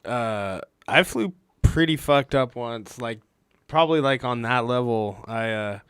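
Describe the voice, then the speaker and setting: A young man co-hosting a podcast, telling a story in a relaxed, profane way. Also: mid-range voice, measured pace, clear, resonant tone, dry recording, clean studio sound. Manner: profane, laid-back, calls people dude. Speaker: podcast co-host. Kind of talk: casual comic storytelling.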